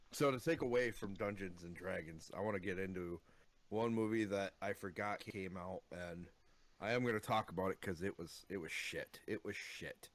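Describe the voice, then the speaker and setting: Man, podcast co-host, blunt casual talker, fairly low voice. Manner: blunt, swears casually, recounts scenes with bursts of excitement. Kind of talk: casual chat.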